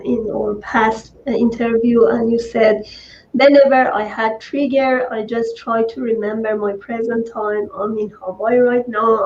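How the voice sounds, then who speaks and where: A woman host, speaking in a measured, reflective way with frequent fillers. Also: fairly high pitch, a little mellow, muffled recording. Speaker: host, coach. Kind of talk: interview talk.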